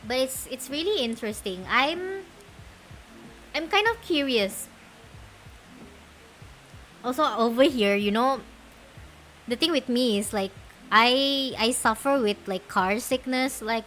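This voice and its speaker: Young malaysian-accented woman streaming, chatty and giggly, slightly high voice. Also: unhurried, pauses often, a bit bright, slight background noise. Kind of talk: casual chat stream.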